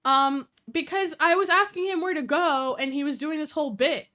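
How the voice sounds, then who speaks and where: Young woman streamer, casual live chat, high bright voice, lively, swears a lot. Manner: animated, swearing, quick storytelling with quoted voices.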